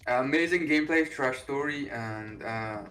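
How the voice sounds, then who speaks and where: A man's voice: medium pitch, measured pace, sharp tone, faint music behind. A man joining a casual gaming podcast as a guest, sounding groggy and just woken up, blunt and opinionated.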